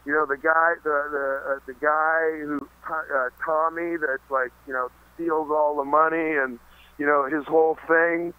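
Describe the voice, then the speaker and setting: A man being interviewed in casual chat, halting with many restarts and fillers, and swearing freely. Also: on the high side, little pitch movement, dry recording, narrow, tinny audio. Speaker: interview guest.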